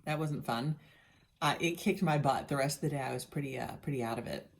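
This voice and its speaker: A worn-out, tired middle-aged woman gives a casual video update on her health journey, chatty and candid with many restarts. Her very deep voice is brisk, with vocal fry.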